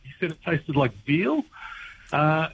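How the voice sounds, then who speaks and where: A man telling history stories on the radio, relaxed with hesitant fillers. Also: a little high, a little slow, noisy background. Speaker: history guest. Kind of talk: casual radio chat.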